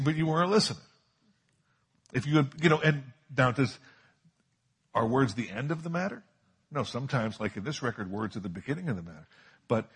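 A man's voice: mid-range voice, a bit bright, husky. A man preaching a sermon as a pastor, emphatic and repeating key phrases for stress.

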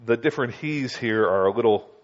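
A man gives a conversational Bible teaching, regularly checking in with listeners by asking "Okay?" and "do you understand?" He slows down to read scripture and acts out quoted voices at a higher pitch. The recording is dull and lo-fi.

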